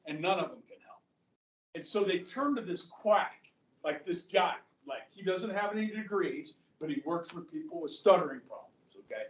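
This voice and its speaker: A man teaching a history class, talking in a chatty, animated way and checking in with the students again and again. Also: sits high. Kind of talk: classroom lecture. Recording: echoey classroom, mic far off.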